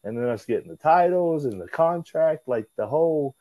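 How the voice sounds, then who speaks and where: A man, a pro wrestler, telling backstage stories as an interview guest in a casual, animated way. He, swears freely, calls people "brother," and acts out what others said in a raised voice. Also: on the high side, moderate pace, no room sound, highs cut off.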